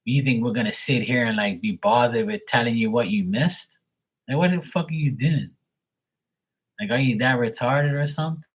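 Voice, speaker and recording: A man's voice: medium pitch, moderate pace, slightly rough. A man hosting a livestream, recounting chat trolls in a profane, mocking, rambling way with frequent laughter. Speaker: livestream host.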